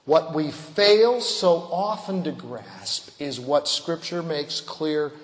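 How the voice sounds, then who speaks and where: A man preaching a sermon, slow and deliberate, rising to emphatic swells and trailing off into quiet endings. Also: on the high side, animated. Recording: long hall reverb.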